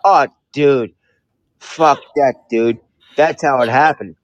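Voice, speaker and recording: A man's voice: medium pitch, slow. A laid-back man bantering in a comedy show, saying "dude" constantly and arguing playfully. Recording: dull dry lo-fi sound.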